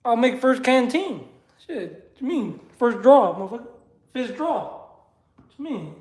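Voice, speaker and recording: A man's voice: very high voice, big pitch swings, measured pace, darkish tone. A young man ranting casually and heatedly, swearing and saying "bro" often, with disbelieving laughs. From United States. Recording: roomy echo.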